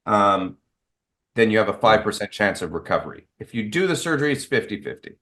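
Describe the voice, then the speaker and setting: A man's voice: on the low side, sing-song, a little fast, fairly bright tone. A man guest on an interview show, talking candidly and rambling with fillers and restarts. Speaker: guest, martial arts expert. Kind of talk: casual interview storytelling.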